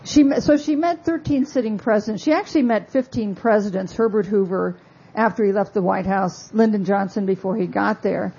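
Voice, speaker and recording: A woman author giving a talk about her book, telling stories in a measured, wry way with asides. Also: mid-range voice, vocal fry, dark tone, slightly rough, dull audio. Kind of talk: lecture-style talk.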